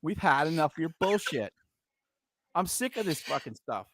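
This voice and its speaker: A middle-aged veteran man hosting a casual podcast, ranting in a heated, profane, half-shouting way. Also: on the high side, very animated, normal speed.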